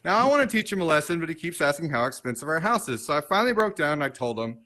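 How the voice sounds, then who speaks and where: A man in his thirties performing a stand-up set on a comedy club stage, with dry, self-mocking jokes and quick asides to the crowd. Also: a little high, sing-song, pushed and bright, low-quality recording. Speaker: stand-up comedian hosting the show.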